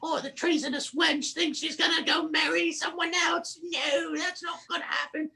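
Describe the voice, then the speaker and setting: Brief: spiteful scheming old queen put on by a man, pitched way up, muttering. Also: fairly even intonation, moderate pace, creaky, sharp tone, exaggerated voice. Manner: muttering, mock-sinister.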